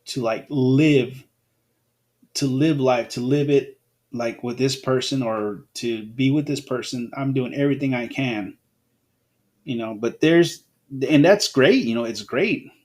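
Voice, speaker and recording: A man's voice: medium pitch, measured pace, darkish tone. A man hosting an unscripted solo podcast, talking in a rambling way and often restarting his phrases. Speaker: podcast host.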